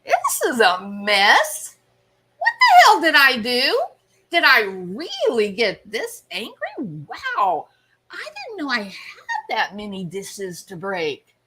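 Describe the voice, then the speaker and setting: A woman's voice: mid-range voice, wildly swooping pitch, takes it slowly, background noise. A woman voicing a rattled, hot-tempered mother who talks in dismayed, half-joking asides.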